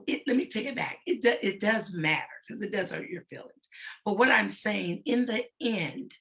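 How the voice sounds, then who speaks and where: A woman's voice: mid-range voice, sharp tone. A middle-aged woman leading a motivational talk for young girls, earnest and emphatic, repeating her key points. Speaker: facilitator of a girls' self-image talk.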